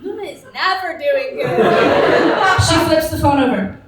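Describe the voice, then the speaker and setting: A woman in her twenties performing a stand-up set, telling stories in an animated way and acting out the people in them. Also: high-pitched, normal speed, very noisy. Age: 20s. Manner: animated storytelling with acted-out quotes. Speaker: stand-up comedian. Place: comedy venue with a live audience. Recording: roomy venue mic picked up from a distance, audience laughter.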